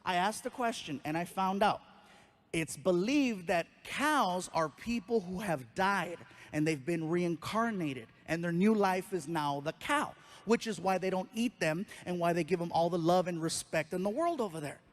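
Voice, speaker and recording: A man doing a stand-up comedy routine, telling an animated story and acting out voices and sound effects. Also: sits high, normal speed. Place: live comedy stage.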